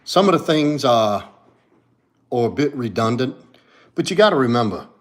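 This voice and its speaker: A man's voice: sing-song, normal speed. Guy chatting on his live stream, reading chat, answering questions, mid voice, bit of hiss. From Louisiana. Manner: answers chat questions, talks to his dog in a high sweet voice. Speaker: livestream host and coach.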